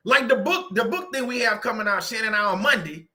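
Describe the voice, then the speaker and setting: A man's voice: sits high, lively intonation, fast talker, bright, forceful tone. A man from Louisiana, hosting a casual motivational talk, joking and laughing often as he makes his points. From Southern Louisiana. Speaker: channel host. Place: room at home.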